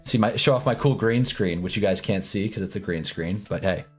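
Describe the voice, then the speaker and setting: A young man casually reacting to live football games on a stream, swinging from low muttering to excited yelling at big plays. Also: brisk, faint music behind. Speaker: sports streamer. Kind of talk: live football watch-along commentary. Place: home streaming room with green screen.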